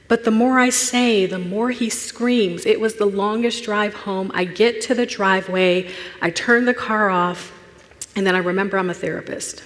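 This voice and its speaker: A woman, a therapist speaking at a church, telling a personal story and acting out the voices in it, dropping to a hush at tender moments. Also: mid-range voice, normal speed. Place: church sanctuary. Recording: long hall reverb.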